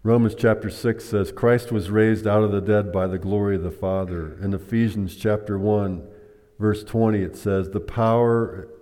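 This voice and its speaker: Slow, low-voiced preacher in a hall. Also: male voice, darkish tone. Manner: teaching with questions to the congregation. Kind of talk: sermon. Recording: long hall reverb.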